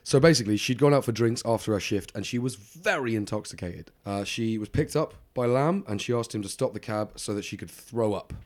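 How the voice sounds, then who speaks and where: A man's voice: fairly low pitch, lively intonation, a little fast, few pauses. A man co-hosting a podcast, telling a true-crime story casually with lots of ums and side remarks. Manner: rambling, lots of ums, laughs along. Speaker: podcast co-host.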